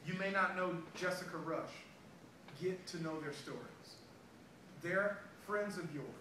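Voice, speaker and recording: Sales trainer, man, high voice, lively storyteller, recorded at a distance in a very echoey room. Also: unhurried. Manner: animated storytelling, acting out dialogue. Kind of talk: motivational sales training talk. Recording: echoey room, far from mic, background noise.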